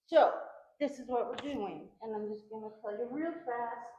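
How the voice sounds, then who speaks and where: A woman's voice: on the high side, moderate pace, dark tone, a little hiss or hum. A woman precinct organizer giving an earnest, heated speech at a town hall, her voice shaky with nerves. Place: community center hall. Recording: very echoey, dull hall sound.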